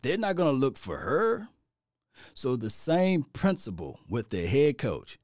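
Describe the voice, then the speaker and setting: A middle-aged man giving opinionated casual sports commentary as a host, animated and rambling, repeating himself and adding preachy asides. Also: mid-range voice, measured pace, dry recording, clean studio sound.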